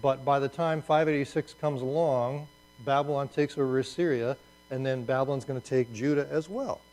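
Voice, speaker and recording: A man preaching a conversational sermon with slides, animated and restarting phrases as he goes. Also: mid-range voice, moderate pace, rough recording. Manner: animated, repeats words as he restarts. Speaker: pastor.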